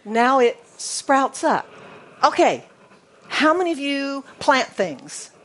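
Woman preacher, American accent, slightly high voice, playful, spells words out and goes hushed for emphasis. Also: big pitch swings, takes it slowly. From United States. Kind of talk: sermon.

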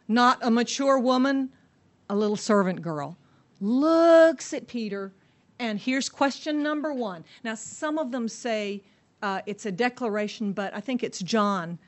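A woman teaching a Bible passage to a group, telling the story in a lively way and asking her listeners questions. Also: fairly high pitch. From United States.

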